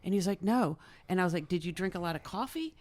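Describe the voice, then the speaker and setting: A woman guest on a podcast, telling a story in a casual, animated way and laughing often. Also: fairly low pitch, fast talker. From Atlanta area.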